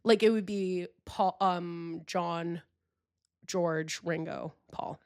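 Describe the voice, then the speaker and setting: A woman's voice: lowish voice, steady tone, takes it slowly, darkish tone, no room sound, clean studio sound. A young woman co-hosting a casual comedy podcast, playful and jokey, sometimes trailing off mid-thought. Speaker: podcast co-host.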